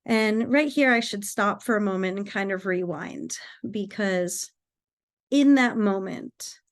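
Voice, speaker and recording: A woman's voice: mid-range voice, unhurried. Woman earnestly retelling a personal story. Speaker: podcast guest.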